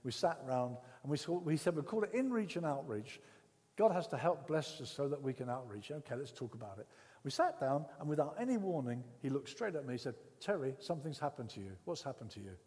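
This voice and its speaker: Older English preacher in a reverberant hall. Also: male voice, medium pitch, animated, fairly quick. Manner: storytelling, repeats words, swings from loud to hushed. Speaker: pastor. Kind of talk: sermon with personal testimony.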